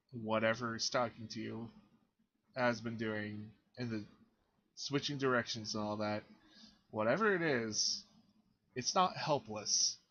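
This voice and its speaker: Slow, muffled-sounding male game master. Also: medium pitch, a bit bright. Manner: halting, with frequent fillers. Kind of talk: narrating a tabletop game.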